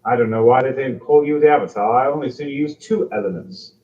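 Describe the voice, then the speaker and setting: A man's voice: mid-range voice, quick pace, darkish tone, lo-fi sound, natural voice. A man voicing a haughty, irritated young male elf who talks with scorn in a tabletop game. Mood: scornful.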